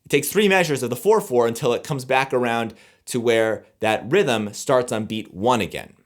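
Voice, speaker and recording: A man's voice: mid-range voice, normal speed. Man teaching rhythm, scat-singing beats. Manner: scat-sings rhythms, counts aloud; relaxed, conversational explaining. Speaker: music teacher. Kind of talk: explaining rhythm to camera.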